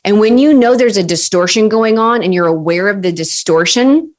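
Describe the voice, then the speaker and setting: A woman in her thirties, a guest on an interview show, telling personal stories in a lively way. She uses many fillers and acts out quoted voices. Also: medium pitch, moderate pace. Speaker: podcast guest, success coach. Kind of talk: casual interview storytelling.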